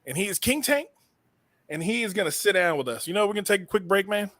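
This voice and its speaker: A man hosting a comedy podcast, telling stories with animated laughter. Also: sits high, quick pace, dry recording. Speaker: podcast host. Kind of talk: casual comedy podcast chat.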